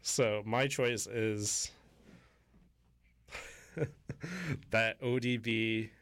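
A man's voice: lowish voice, steady tone, fairly bright tone. A man co-hosting a casual podcast chat, making crude jokes and laughing often. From Canada. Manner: crude joking, frequent laughter, drawn-out teasing. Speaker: podcast co-host.

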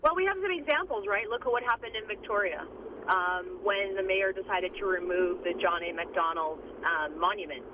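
A woman's voice: medium pitch, lively intonation, moderate pace, noisy background. Impassioned woman on a tinny phone line. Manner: impassioned, emphatic, many restarts. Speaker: interviewee, community advocate. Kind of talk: recorded interview over phone.

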